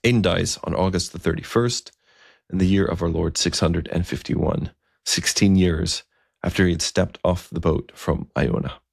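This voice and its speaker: A man's voice: sits low, fairly even intonation, moderate pace, creaky, breathy edge, dry recording, clean studio sound. A man telling a story in a conversational, vivid style. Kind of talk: storytelling narration.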